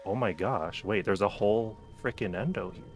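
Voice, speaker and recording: A man's voice: fairly low pitch, moderate pace, soft background music. A man streaming a game late at night, chatting casually, joking, and talking to the characters on screen. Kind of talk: casual gameplay commentary.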